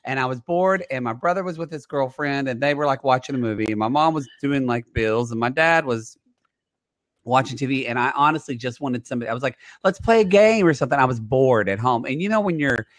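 A man's voice: mid-range voice, a little fast, fairly bright tone, dry recording. A man in his thirties hosting a podcast, chatting casually and telling rambling stories full of fillers. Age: 30s. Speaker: podcast host. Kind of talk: casual chat.

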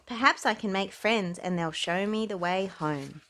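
A woman voicing a friendly, lost young male platypus in a storybook reading, with a gentle, pleading manner. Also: mid-range voice, unhurried. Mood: curious.

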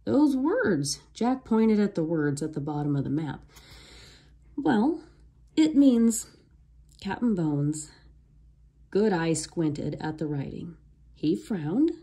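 A woman reading a children's storybook aloud in a slow, expressive way. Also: sits low, husky. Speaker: storybook reader. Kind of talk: read-aloud storybook narration.

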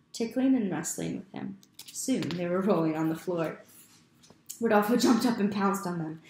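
A woman reads a children's chapter book aloud in a steady, expressive storytelling voice. Her tone has a gravelly fry to it. The sound carries the echo of a bare room. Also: medium pitch. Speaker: teacher reading aloud. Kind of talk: storybook read-aloud narration. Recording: echoey room.

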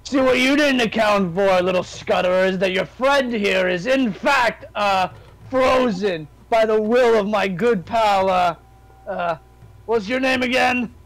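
A man voicing a brash, dim-witted male brawler in a tabletop game, loud and boastful as he rambles. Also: high-pitched, measured pace, pitched above the performer's own voice, rough recording. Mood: boastful, mocking.

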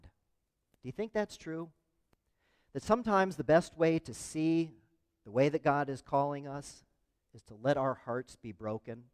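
In a reverberant church sanctuary, a male pastor with a mid-range voice preaches a sermon in a conversational way. He often asks the congregation questions, his words trailing off into the hall's long reverb.

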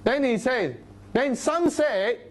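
A man teaching a Bible study sermon, animated, sometimes dropping into low, grave tones. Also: slow pace, a little hiss or hum. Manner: animated, acts out crowd voices in a raised voice; drops to low, grave tones for solemn points.

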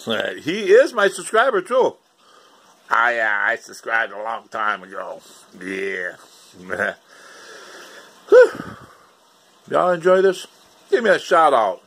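A man's voice: slow pace, creaky, pauses often. Rambling man vlogging. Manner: rambling, laughing, swearing, lively pitch swings. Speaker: YouTuber. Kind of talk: casual rambling vlog.

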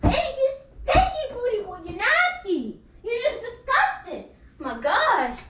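High, bright young woman scolding. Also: huge pitch swings, unhurried. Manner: scolding, repeats herself, loud and exasperated. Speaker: vlogger. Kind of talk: casual prank vlog banter. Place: bedroom. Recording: echoey room, mic at a distance.

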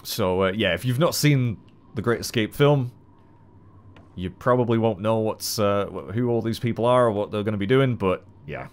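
A man giving chatty, animated gameplay commentary as a let's play host, swearing casually. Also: fairly low pitch, normal speed.

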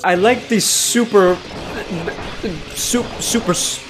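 Excitable woman gaming commentator. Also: medium pitch, slow pace, soft background music. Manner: excitable, exclamatory, giggly. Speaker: gaming channel host. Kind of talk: excited let's-play commentary.

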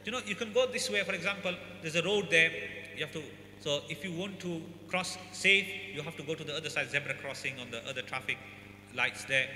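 A man's voice: a little high, fairly quick, bright, forceful tone. A man giving an emphatic sermon to a congregation, repeating his points and acting out parents and children. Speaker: Islamic scholar giving a talk. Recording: echoey hall with faint hum.

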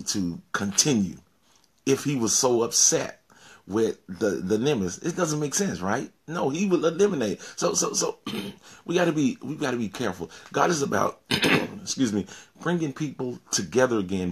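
A male pastor preaches in a low, husky voice. He often repeats words and restarts his sentences, then climbs to forceful, emphatic peaks. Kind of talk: informal sermon.

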